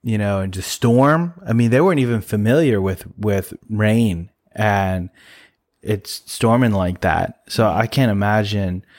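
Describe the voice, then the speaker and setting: A man with a fairly low voice co-hosts a relaxed faith chat. He rambles in an easygoing way, restarting his thoughts and laughing often. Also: unhurried. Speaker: podcast co-host. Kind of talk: casual faith conversation.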